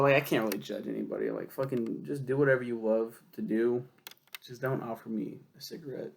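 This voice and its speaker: A man's voice: medium pitch, vocal fry. A young man telling a rambling, profane story in a casual vlog, laughing often. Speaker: book reviewer.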